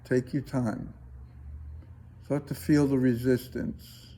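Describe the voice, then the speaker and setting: A man teaching a breathing class, guiding students with slow, calm, coaxing instructions. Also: mid-range voice, a little hiss or hum.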